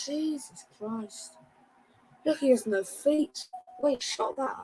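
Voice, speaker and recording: A woman's voice: high voice, measured pace, slight background noise, rough recording. A young woman hosting a live football watchalong, reacting nervously and breaking into chants. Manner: excitable, nervous, swings between groans and singing.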